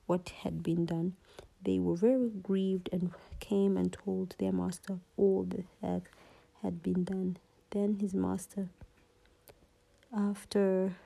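A woman in a whispered Bible reading and teaching, halting and often losing her place and rereading verses. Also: mid-range voice, vocal fry, dark tone, husky, low-quality recording.

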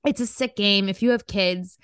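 A young woman trades casual banter as a podcast co-host. Her voice sits at a middle pitch, chatty and quick to laugh, with slangy phrasing. It is recorded close and dry with no room sound. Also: a bit bright, smooth, dry recording. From upstate New York. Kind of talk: casual chat.

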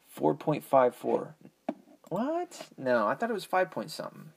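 A man's voice: medium pitch, wildly swooping pitch, unhurried, vocal fry, husky. A man ranting in a casual monologue, profane, rambling and argumentative, often correcting himself.

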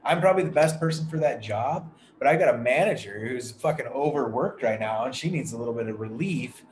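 A podcast co-host tells a long, profane, frustrated story in casual chat, speaking briskly and expressively at medium pitch. Crowd noise is audible, and the room is echoey with faint background noise.

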